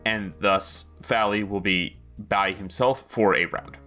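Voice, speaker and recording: A man narrating as game master in a tabletop role-playing game, explaining the rules at length in a friendly, relaxed way. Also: lowish voice, slow pace, soft background music.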